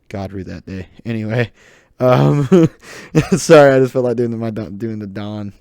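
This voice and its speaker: A man's voice: mid-range voice, a little slow, gravelly, darkish tone, smooth, no room sound, studio quality. A young adult man hosting his own podcast in a rambling, joking, loose and opinionated monologue. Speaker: podcast host. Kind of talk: casual solo podcast monologue.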